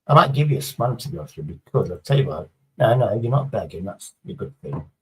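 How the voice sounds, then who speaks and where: A man's voice: on the low side, sing-song, fast talker, a little mellow, low-quality recording. A man chatting casually on a live stream, rambling through a story and swearing heavily as he reads the chat.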